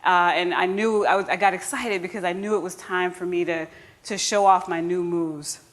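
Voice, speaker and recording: A woman from the United States telling a personal story live on stage, earnest and warm-humored, with restarts and asides to the audience. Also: on the low side, steady tone, moderate pace.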